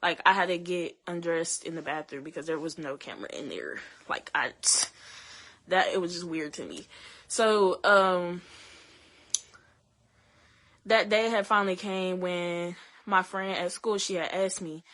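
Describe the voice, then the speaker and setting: Young woman vlogging her side of it, stops and restarts a lot, bright tone. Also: lowish voice, steady tone. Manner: halting, many fillers and restarts, speaks to viewers directly. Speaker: vlogger telling her story. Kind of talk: emotional personal storytelling to camera.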